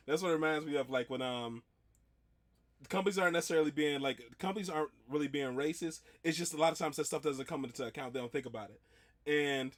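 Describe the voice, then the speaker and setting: A man hosting a reaction video, talking in a rambling, chatty way full of restarts. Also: medium pitch. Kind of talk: casual reaction commentary.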